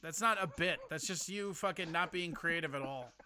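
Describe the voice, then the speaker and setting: A man's voice: a little high, brisk, pushed and bright. A man hosting a live streaming show, trading sarcastic, profane, mock-outraged jabs with a caller in casual comedic banter.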